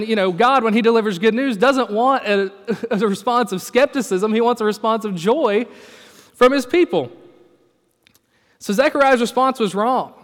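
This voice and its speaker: A man's voice: high-pitched, fairly bright tone, long reverb tail. A male pastor preaching a sermon in a conversational storytelling way. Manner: conversational, storytelling with acted quotes.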